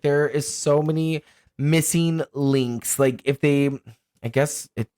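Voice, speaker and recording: A man co-hosting a podcast in casual chat, animated and profane, laughing often. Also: fairly high pitch, slow, clean tone, dry recording, clean studio sound. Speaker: podcast co-host.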